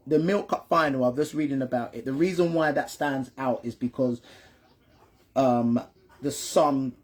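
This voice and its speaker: A man's voice: mid-range voice, a little mellow, slightly rough. A father telling his son football history in a casual chat, often checking in with "right?" and "you understand me?". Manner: repeats and restarts words when stumbling. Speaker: father and channel host.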